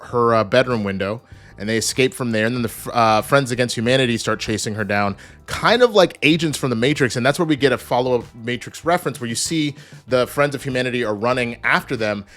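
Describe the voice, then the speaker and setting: A man in his thirties giving an energetic, joking casual spoiler review, swearing and acting out characters. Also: mid-range voice. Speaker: show reviewer.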